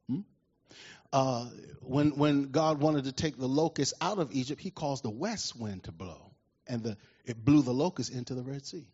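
A man preaching a sermon in an animated way, often asking the congregation questions, with a husky voice. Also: mid-range voice, moderate pace. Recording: dull lo-fi recording.

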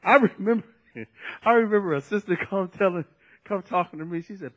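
A male pastor preaching an animated sermon, laughing and repeating phrases as he tells a story. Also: high-pitched, a little fast.

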